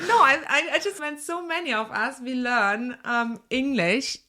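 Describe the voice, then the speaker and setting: A woman's voice: high voice, unhurried, bright, forceful tone, a little hiss or hum. German-accented woman chatting on a podcast. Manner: chatty, laughs often, searches for words. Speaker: podcast guest. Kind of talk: casual chat.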